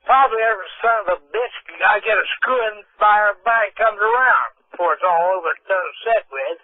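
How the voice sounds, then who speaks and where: A gruff, irritated man on a phone call, swearing as he demands to know who is calling. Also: sits high, quick pace, no room sound. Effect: phone line. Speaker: prank call target. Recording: tinny phone line.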